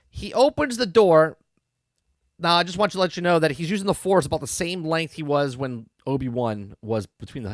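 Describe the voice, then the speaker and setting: Brief: male podcast host, slightly high voice, ranting and repeating himself, profane, dead-dry sound. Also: a bit bright, no echo. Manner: exasperated, rambling, repeats himself; swears freely. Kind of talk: casual show review commentary.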